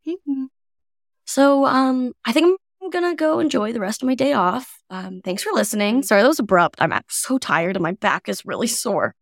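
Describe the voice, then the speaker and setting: Twenties female podcast co-host, rambling and expressive, close dry mic. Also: fairly high pitch, moderate pace, no echo. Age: 20s. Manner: animated, rambling, frequent "like". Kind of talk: casual chat.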